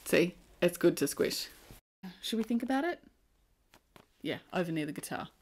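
A woman's voice: on the low side, expressive, moderate pace, darkish tone. A woman with an Australian accent, chatting casually and playfully about yarn in her knitting vlog. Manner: chatty and playful, prone to silly asides. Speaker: knitting vlogger. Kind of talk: casual chat.

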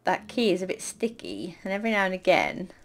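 A woman casually commentating her own gameplay, chatting to the game's creatures and breaking into loud panicked apologies. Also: fairly low pitch, big pitch swings, a little fast, vocal fry. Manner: chatty, talks to the game mobs, panics loudly with repeated exclamations. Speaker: gaming YouTuber.

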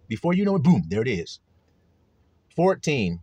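A man preaching a sermon, reading scripture slowly and stretching the words, then explaining it in blunt, profane street talk. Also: medium pitch, sing-song, darkish tone, husky, no room sound.

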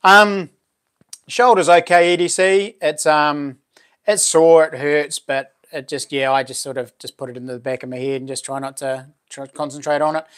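A man's voice: on the high side, steady tone, normal speed, fairly bright tone. A man with a New Zealand accent hosting a casual live stream, chatting with viewers and reading out their comments in a laid-back, friendly way.

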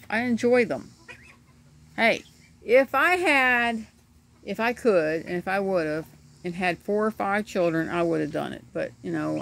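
Her voice is lowish and fairly bright, with vocal fry, as this middle-aged homesteader vlogger films her ducklings outdoors on a handheld phone. She talks casually and meanders, often laughing, near the animal pens in her yard. The recording picks up faint outdoor noise, birds, and duckling chirps.

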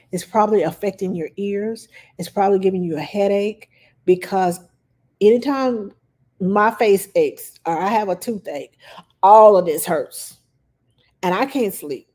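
Slow, calm-spoken nanny woman. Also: medium pitch. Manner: calm, unhurried, plain-spoken with frequent fillers. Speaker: nanny giving parenting advice. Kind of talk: casual advice talk.

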